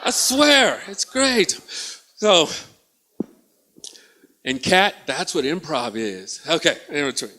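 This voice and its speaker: On a theatre stage, a man performs stand-up, telling animated stories, acting out both sides of the dialogue and bantering with the crowd. His voice is fairly high, and he speaks slowly with frequent pauses.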